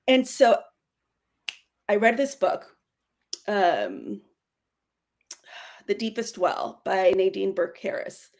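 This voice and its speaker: A woman in her forties speaking earnestly as a podcast guest, with quick self-correcting bursts in candid conversation. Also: mid-range voice, animated, gravelly. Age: 40s.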